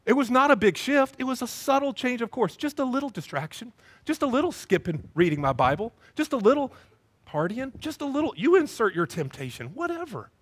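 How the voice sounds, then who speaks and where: A male pastor giving a sermon in a church, animated as he acts out scenes with voices and sound effects. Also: very high-pitched, a little fast. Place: church sanctuary with a congregation.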